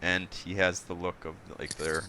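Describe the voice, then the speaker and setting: A man's voice: deep voice, little pitch movement, normal speed, bright, forceful tone, a little hiss or hum. A man running a tabletop game as game master, loose and joking, laughing often.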